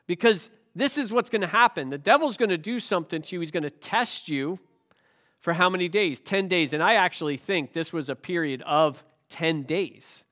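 A man's voice: high voice, normal speed, fairly bright tone. A male pastor with a cold, preaching a sermon with rhetorical questions and self-deprecating jokes. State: has a cold.

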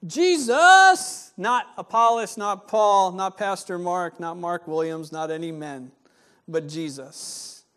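High-voiced animated pastor preaching. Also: male voice, measured pace, smooth. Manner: animated, acts out voices of church members. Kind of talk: sermon.

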